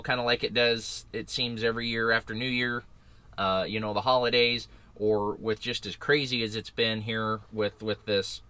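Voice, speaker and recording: Bright-voiced rambling trucker man. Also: medium pitch. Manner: rambling, loose and chatty. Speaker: owner-operator truck driver. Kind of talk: casual vlog chat. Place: in and around a parked semi truck.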